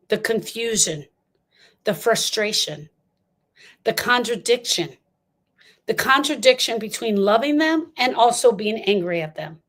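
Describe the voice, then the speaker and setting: An older woman giving an impassioned talk on grief, emphatic and repeating lines for stress as she speaks straight to her listeners. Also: mid-range voice.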